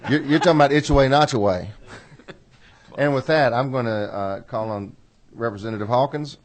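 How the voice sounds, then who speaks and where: A man chairing a legislative committee hearing, folksy and apologetic, reading bill text slowly and carefully. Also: mid-range voice.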